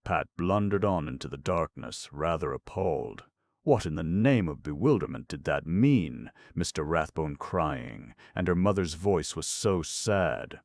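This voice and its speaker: A man narrates an audiobook in a measured, expressive reading. His voice is very deep with a gravelly edge. The sound is dry and close, with no room around it. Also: no echo. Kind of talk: scripted narration.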